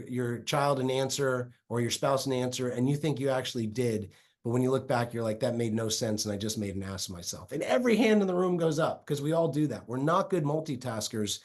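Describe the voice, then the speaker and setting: A middle-aged man, a real estate investor, telling a story in a podcast interview with lively acted-out quotes, speaking from a small home office. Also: medium pitch. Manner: animated storyteller, acts out quotes.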